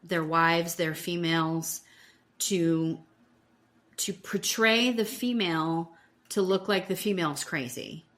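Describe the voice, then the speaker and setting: A woman co-hosting a podcast in casual chat, speaking slowly and searching for her words, with many murmurs of agreement. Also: on the low side, a bit bright. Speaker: podcast co-host.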